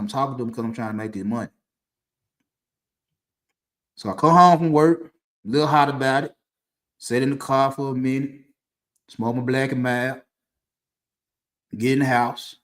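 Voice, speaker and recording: A man at a mid-pitched level talks in a relaxed, unscripted way, circling back and restarting his sentences as he goes. He speaks to camera from a dim room at home, telling his story as it comes to him. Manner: loose, conversational, with frequent restarts and laughs. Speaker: podcast host. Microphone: streaming setup mic.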